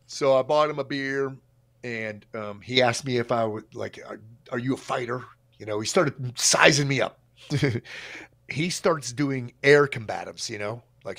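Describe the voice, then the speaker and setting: Gravelly-voiced man telling a story. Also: medium pitch, no room sound. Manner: animated, profane storytelling. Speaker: coach telling a story on a livestream. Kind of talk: casual storytelling.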